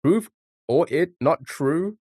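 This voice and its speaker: A man's voice: a little high, expressive, slow pace, a little mellow, no room sound, studio quality. A man streaming live, chatting casually with his chat and swearing now and then while playing a word game. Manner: chatty, jokey, talks back to chat.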